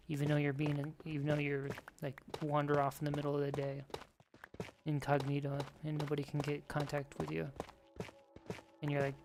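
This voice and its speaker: A streamer talks casually over a game, drifting through loose, joking stories. The voice has a gravelly edge and a middling pitch. Steady noise sits clearly behind the voice. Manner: rambling, joking storytelling. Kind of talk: casual chat while gaming.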